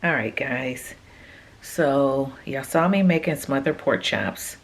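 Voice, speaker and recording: A woman with a notably low, deep voice talks through her cooking in a casual, chatty vlog. She speaks straight to her viewers from her home kitchen, with homey asides as she goes. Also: takes it slowly. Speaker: vlogger.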